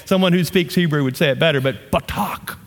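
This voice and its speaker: A man's voice: fairly high pitch, very fast, long reverb tail. A man in his fifties with a Southern US accent, from North Louisiana, preaching a sermon with impassioned emphasis and humorous asides. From North Louisiana, USA. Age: 50s. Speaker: pastor.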